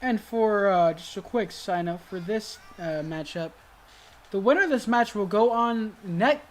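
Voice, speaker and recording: This woman hosts a gaming video, narrating a wrestling game move by move at a slightly slow pace in a medium pitch. Sudden excited outbursts mix with frequent fillers, hesitations and self-corrections.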